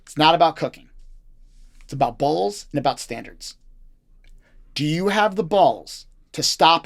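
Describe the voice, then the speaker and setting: A man who is a chef and restaurant owner, talking bluntly and with animation as a guest in a casual interview, swearing freely. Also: a little high.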